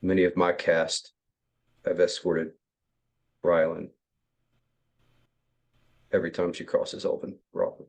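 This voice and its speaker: A man playing a character in a tabletop game. He speaks in a measured way, partly in character. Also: deep voice, completely flat delivery. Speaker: player.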